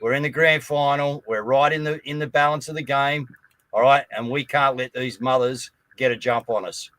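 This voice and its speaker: A man's voice: mid-range voice, steady tone, moderate pace, a bit bright, dry recording. An Australian man hosting a live online news show, rallying his listeners and often checking in with "guys, all right?". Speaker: host.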